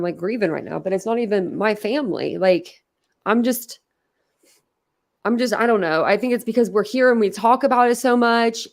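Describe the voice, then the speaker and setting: A woman's voice: medium pitch, creaky, darkish tone. A woman hosting a casual livestream, talking emotionally and bluntly, rambling and swearing as she reacts. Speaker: livestream host.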